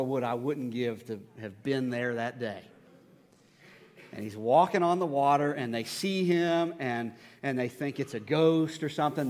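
A man preaching a sermon, acting out the Bible voices in dramatic bursts and often repeating himself. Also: long reverb tail. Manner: dramatic, acts out the Bible voices with rising pitch and force; repeats words and restarts often. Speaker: pastor.

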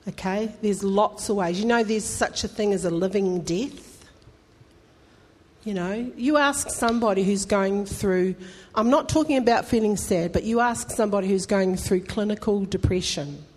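A woman's voice: medium pitch, moderate pace, a little mellow. A woman pastor, preaching a conversational, emphatic sermon that rises into fervent appeals to the congregation. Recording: long hall reverb.

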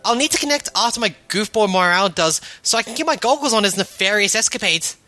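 A woman voicing a hyper-excited young female sea troll who keeps making fishy glub noises, as a fan reading of chat logs. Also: medium pitch, quick pace, soft background music, voice pushed down. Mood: cheerful.

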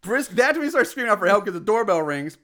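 A man with a high-pitched voice recaps a movie in a relaxed podcast chat. He tells it animatedly, slipping into the characters' lines and breaking into laughter along the way. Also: fast talker. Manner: animated storytelling, acts out lines and laughs often. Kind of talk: casual chat.

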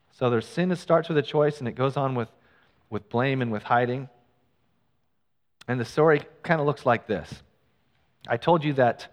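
Man preaching in a reverberant church. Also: mid-range voice. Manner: conversational preaching, reads scripture aloud, self-deprecating asides. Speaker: pastor. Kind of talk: sermon.

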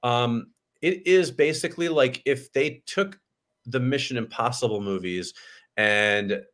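Bright voice guy on a movie podcast, stammery, says um and like a lot. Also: medium pitch, measured pace. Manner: chatty, stammering, lots of ums and likes. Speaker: podcast co-host. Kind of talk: casual chat.

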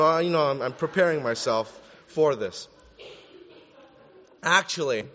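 A man's voice: mid-range voice, fairly bright tone. A man preaching a sermon in a conversational style, with joking asides to the congregation. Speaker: pastor. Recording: dull sound with long hall reverb.

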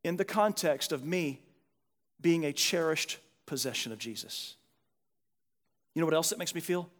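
Male pastor, high-pitched, earnest sermon delivery that drops to soft reflection, reverberant hall. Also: moderate pace. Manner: earnest, moves from animated emphasis to quiet, soft reflection.

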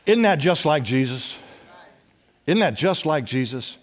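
A man preaching a sermon as pastor, urging his congregation to respond and dropping at times to a hush. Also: on the high side, animated, a little slow, a crowd in the background, noisy background. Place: church sanctuary. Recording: long church hall reverb.

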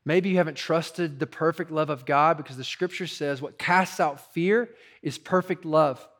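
A male preacher delivers his sermon with an easygoing, conversational urgency, often dropping in "like" and "you know". His voice sits fairly high for a man. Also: normal speed, fairly bright tone. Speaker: pastor.

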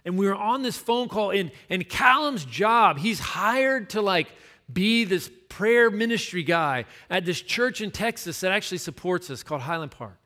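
A man's voice: sits high, expressive, normal speed, sharp tone. A man, a pastor, preaching a sermon in a conversational storytelling way, repeating words for emphasis.

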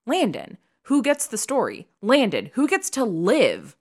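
A woman's voice: a little high, huge pitch swings, a little slow. A young woman co-hosting a podcast, talking in an emphatic, opinionated, chatty way. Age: young adult. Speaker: podcast co-host. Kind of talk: casual chat.

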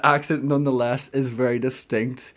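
A man's voice: medium pitch, level tone, normal speed. A man hosting a casual chat, upbeat and quizzing his guest. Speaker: podcast host.

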